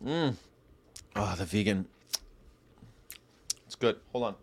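A man from Southern California hosting a casual vegan livestream, talking in an animated, rambling way that jumps between jokes and pleas. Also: on the low side, takes it slowly, a little hiss or hum. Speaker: vegan channel host.

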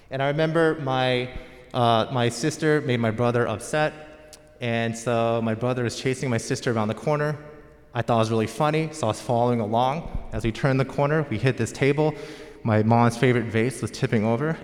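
An American man preaching a sermon as pastor, in a conversational storytelling manner. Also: medium pitch. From United States. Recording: long hall reverb.

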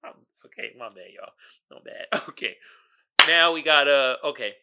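A man hosting his own solo podcast in casual, slangy chat, animated and laughing, with sudden loud outbursts, talking straight to his listeners. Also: fairly high pitch, moderate pace, heavy background noise. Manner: slangy, addresses listeners directly. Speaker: podcast host.

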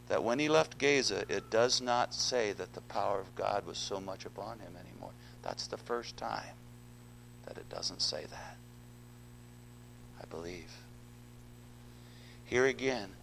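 A man's voice: lowish voice, gravelly, a bit bright, a little hiss or hum, rough recording. A man preaching a sermon, earnest, often repeating words and asking the congregation questions. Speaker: pastor.

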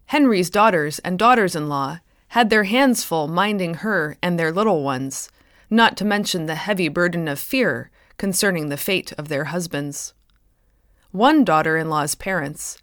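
A woman author reading her own short story aloud in a measured, expressive way, close to the mic. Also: fairly low pitch, dry recording.

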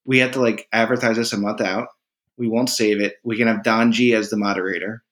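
A man with a somewhat low voice chats casually as a podcast co-host. He jokes around, laughs often and swears without a second thought. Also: steady tone, a little fast, a bit bright. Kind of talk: casual chat.

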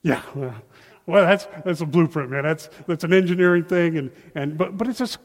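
A man giving an informal, animated sermon, acting out quotes in a folksy way, on a handheld mic in a church hall. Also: a little high, moderate pace. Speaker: lay preacher. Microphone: handheld microphone. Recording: long reverb of a hall.

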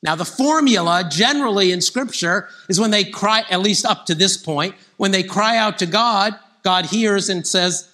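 A man preaching a conversational sermon, growing animated when he quotes scripture figures. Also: high-pitched, measured pace.

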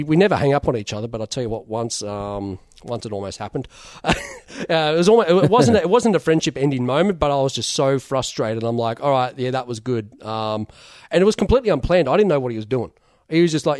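A young adult man with an Australian accent, a toy seller talking through his case as an interview guest in a rambling, relaxed way with many fillers. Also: medium pitch, a little fast, no echo, clean studio sound. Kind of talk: casual interview talk.

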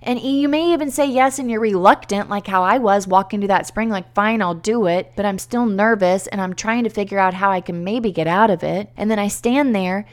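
A middle-aged woman casually telling a personal story as an educator, animated and acting out the voices of people she quotes. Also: medium pitch, fairly quick, hardly any pauses.

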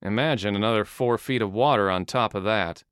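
A man voicing a calm, practical male agent who explains things in a measured way, in an audiobook. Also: on the low side, smooth, dry recording, clean studio sound, natural voice.

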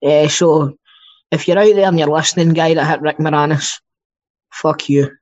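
A man's voice: fairly high pitch, fairly even intonation, fairly quick, darkish tone. A Scottish man co-hosting a podcast in casual chat, rambling and swearing freely. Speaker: podcast co-host. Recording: dull lo-fi sound.

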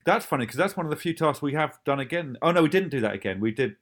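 A man talks fast and easily in a relaxed podcast chat, looking back on how his show was made. He laughs often and keeps the words tumbling out. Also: on the high side. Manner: quick, chatty, laughs often. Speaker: show creator talking about his series.

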